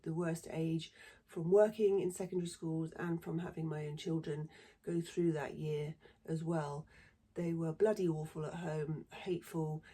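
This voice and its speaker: This middle-aged woman from southern England, a former secondary teacher with a southern English accent, delivers a casual monologue, blunt and full of swearing. Her voice is fairly low, mellow and husky.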